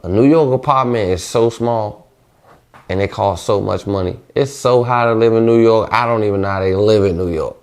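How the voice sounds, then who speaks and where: Low gravelly-voiced young D.C.-man. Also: normal speed, darkish tone. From Washington D.C. area. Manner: loose, rambling, heavy on slang. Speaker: vlogger. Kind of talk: casual monologue.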